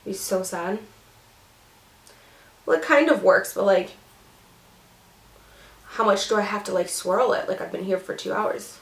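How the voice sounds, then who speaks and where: A woman's voice: medium pitch, expressive, measured pace, pauses often, reverberant. A young woman vlogger chatting casually while doing her makeup, bubbly and full of "like" and "seriously". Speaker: beauty vlogger. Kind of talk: casual get-ready chat.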